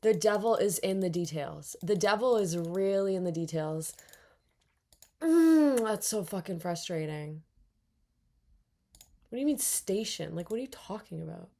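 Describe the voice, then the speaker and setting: A young woman giving casual let's-play commentary, reacting out loud, muttering to herself and swearing a lot. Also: fairly low pitch, normal speed, gravelly. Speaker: gaming streamer.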